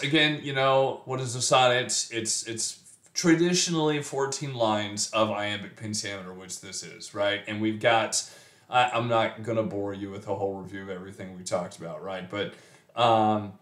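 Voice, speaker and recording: A man reading a sonnet aloud, then explaining it like a teacher, often pausing with fillers and restarting. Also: fairly low pitch, a bit bright. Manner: slow and measured, with frequent fillers and restarts. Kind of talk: poetry reading and lesson. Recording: roomy echo.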